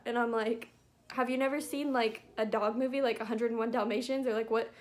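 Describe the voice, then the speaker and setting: A woman's voice: fairly high pitch, steady tone, a little fast. A young woman vlogging at home, chatting casually as she does her makeup and tells stories packed with "like" fillers. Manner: chatty storytelling full of "like" fillers. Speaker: beauty vlogger. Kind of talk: casual chat while doing makeup. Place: at home, not in her bathroom.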